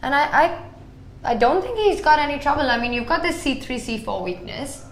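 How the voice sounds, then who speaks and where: A woman commentating live on a chess event, calling out moves briskly and confidently. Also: high voice, animated, roomy sound, slight background noise.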